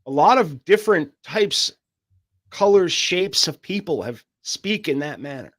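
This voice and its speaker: A man's voice: on the high side, expressive, measured pace, fairly bright tone. A man co-hosting a podcast in casual, joking banter, swearing freely. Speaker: podcast co-host.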